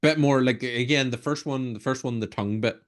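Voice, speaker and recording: A man's voice: medium pitch, a little fast. A man with a Northern Irish accent, co-hosting a casual horror podcast chat, rambling and often murmuring agreement. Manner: rambling, lots of backchannel agreement. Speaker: podcast co-host.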